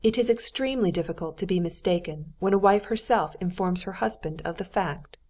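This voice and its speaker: A woman voicing a cold, formal nobleman in an audiobook, measured and restrained in delivery. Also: lowish voice, a little mellow, natural voice. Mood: bitter. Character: cold, stiff, wounded older nobleman. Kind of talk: audiobook character reading.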